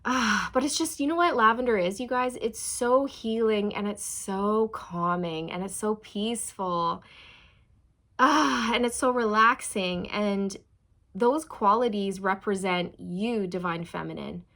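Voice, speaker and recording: A young adult woman giving a slow, soothing channeled tarot reading, speaking straight to her viewers. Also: medium pitch, fairly bright tone. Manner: slow, soothing, spiritual, addresses viewers as you guys. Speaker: tarot reader.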